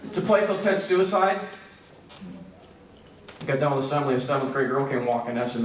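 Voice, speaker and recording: A man speaking at a church breakout session in an earnest storytelling manner, turning quiet and grave for the hard parts. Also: medium pitch, expressive, fairly quick, slight background noise. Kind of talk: earnest church seminar talk. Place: church hall. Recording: very echoey hall from far off.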